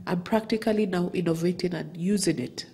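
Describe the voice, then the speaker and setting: A woman speaking as a guest in a TV studio, talking in a measured way and often checking agreement with tag questions. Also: on the low side, dark tone. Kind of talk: talk show discussion.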